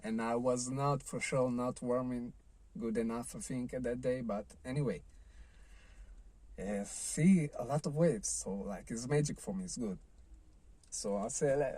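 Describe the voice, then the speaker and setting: A man's voice: mid-range voice, takes it slowly, pauses often, mellow, no room sound. A man telling a personal surfing story in a loose, rambling vlog style, full of "like" and "you know". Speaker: surfing vlogger.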